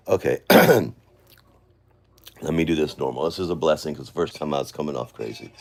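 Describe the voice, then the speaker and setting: A man's voice: very deep voice, normal speed, a little mellow. A man livestreaming an emotional apology from his phone at home, frustrated and swearing, muttering to himself.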